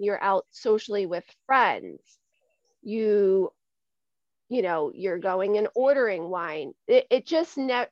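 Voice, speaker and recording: A woman's voice: mid-range voice, no room sound. A woman in her forties, a guest in a conversational interview, talking earnestly and often repeating words as she gathers her thoughts. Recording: dull lo-fi recording.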